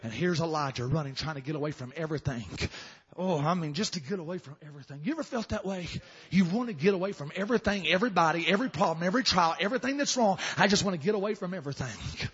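A man preaching a sermon, swinging from soft murmurs to fervent shouting. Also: on the high side, expressive, fast talker, breathy edge, muffled recording.

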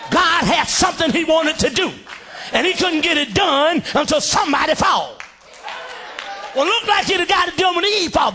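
Male preacher, fiery shouted sermon; high, bright, very lively pitch. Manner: fiery, calls for amens, acts out voices.

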